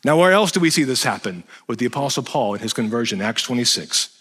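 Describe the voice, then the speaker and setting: A man preaching a sermon as pastor, animated and self-deprecating, swinging between loud emphasis and quiet asides. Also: mid-range voice, fast, breathy edge. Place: church sanctuary. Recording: reverberant church hall.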